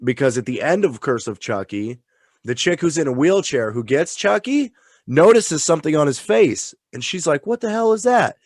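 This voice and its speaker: A tipsy man chatting casually as a co-host, rambling with excitement and swearing freely. His voice is on the higher side for a man and very animated. The room sound is dead dry. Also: moderate pace, no echo. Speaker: podcast co-host. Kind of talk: casual chat.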